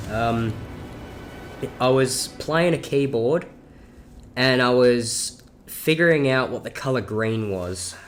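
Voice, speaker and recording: A man's voice: mid-range voice, a bit bright, slight background noise. A seventeen-year-old man with a South Australian accent, rambling through a casual Q&A vlog with lots of fillers and swearing. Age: teens. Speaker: YouTuber.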